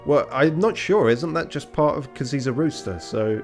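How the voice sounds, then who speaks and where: A man streaming a game, chatting casually with relaxed, mumbling asides. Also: medium pitch, moderate pace, music in the background. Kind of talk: casual let's-play commentary.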